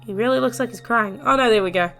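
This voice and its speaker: A woman's voice: on the high side, fast talker, a bit bright, faint music behind. A young woman playing and reading a story game aloud, her voice strained and starting to crack. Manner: playful, reads every character aloud. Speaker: gaming YouTuber. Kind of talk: let's play with voiced reading.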